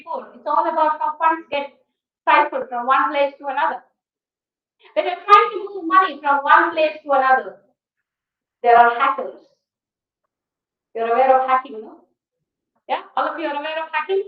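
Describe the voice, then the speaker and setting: A woman with an Indian English accent giving a guest lecture at a college, firing rhetorical questions at the class in an emphatic, animated way. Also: sits high, normal speed, long pauses. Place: lecture hall. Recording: echoey hall, distant dull mic.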